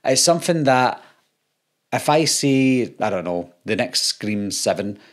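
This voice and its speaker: A man's voice: medium pitch, expressive, measured pace. A Scottish man and YouTuber, reading out comments in casual talk with dry, sarcastic comebacks. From Scotland.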